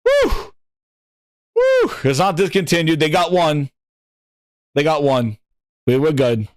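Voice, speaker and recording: A man hosting a gaming podcast, talking loudly and animatedly, teasing and incredulous. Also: a little high, measured pace, no echo, studio quality. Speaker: podcast host. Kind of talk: excited casual gaming talk.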